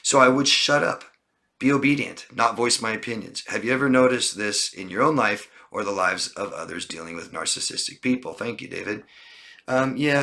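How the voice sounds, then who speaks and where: With a fairly low, creaky voice and a sharp tone, this man coaches relationships on a live stream. He reads out viewers' comments and replies with emphasis, repeating lists of words and frequently adding "okay?" to his lines.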